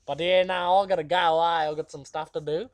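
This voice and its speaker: A cheeky, laid-back outback guitarist with an Australian accent, played by a man rambles in slang full of fillers. His voice sits a bit high, and the recording is close and dry. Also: fairly even intonation, fairly quick, no echo, lightly acted. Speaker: musician being interviewed. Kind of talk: comedic character interview.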